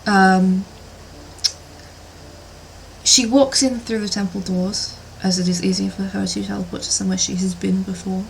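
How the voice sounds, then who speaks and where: A woman's voice: medium pitch, fairly even intonation, normal speed, creaky, pauses often, a little hiss or hum. A woman narrating a tabletop game as dungeon master, hesitant and filler-heavy.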